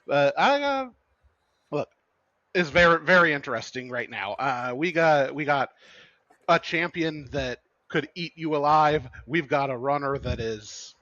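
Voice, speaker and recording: A man chatting as a co-host, joking and halting with fillers. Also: fairly high pitch, big pitch swings, a bit bright, no echo, lo-fi sound. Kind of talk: casual podcast chat.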